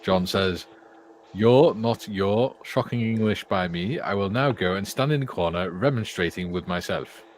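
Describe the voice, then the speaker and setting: An older man with a Welsh accent reads viewer messages aloud, cracking jokes between them. His voice sits fairly low. There is a faint hum of room noise behind him. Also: unhurried. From Wales. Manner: jokey, reads viewer comments aloud with laughs. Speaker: co-host reading live chat. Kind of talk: casual banter on a livestream.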